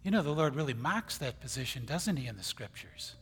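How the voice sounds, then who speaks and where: A man preaching a sermon, swinging between loud, emphatic bursts and hushed near-whispers. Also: medium pitch, sing-song, a little fast, slightly rough, big-room sound.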